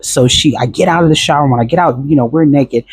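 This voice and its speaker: A man's voice: fairly high pitch, fast talker, breathy edge, dry recording. A man recounting a past relationship in a casual, rambling storytelling monologue, full of fillers and restarts.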